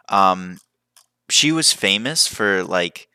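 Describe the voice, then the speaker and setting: A man's voice: fairly low pitch, lively intonation, takes it slowly, bright, forceful tone, no room sound, studio quality. A young man hosting a podcast, talking casually and drifting into tangents. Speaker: podcast host. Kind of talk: casual rambling monologue.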